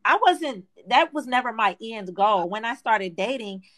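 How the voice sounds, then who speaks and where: A woman's voice: fairly high pitch, animated, a little slow, fairly bright tone, dry recording. A woman in her thirties on a livestream panel, earnestly explaining herself with frequent restarts over a video call. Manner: talks in repeated restarts, earnest, self-explaining.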